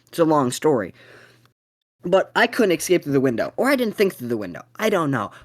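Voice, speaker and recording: A young adult co-host tells a story in loose, profane chat on a podcast. The voice sits mid-pitch but swings up and down a lot. The delivery rambles, stops and restarts, and breaks into sudden excited bursts. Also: a little fast.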